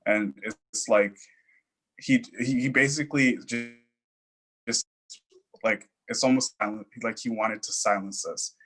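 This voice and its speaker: Flat-voiced young man, low and measured. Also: poor audio. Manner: measured, with filler "like". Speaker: panelist. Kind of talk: town hall discussion.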